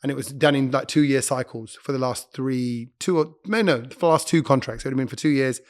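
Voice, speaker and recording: A man, a radio presenter, chatting as a podcast guest and telling stories quickly, often breaking off to correct himself. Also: medium pitch. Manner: quick, chatty storyteller who interrupts himself. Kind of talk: casual interview chat.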